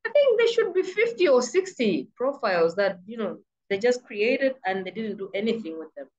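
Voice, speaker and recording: Very animated and fairly high-pitched, a woman from Malawi with a British-sounding accent coaches freelancers, pressing her advice insistently and repeating words for emphasis. She speaks at a moderate pace with a slightly mellow tone, and the audio is dull.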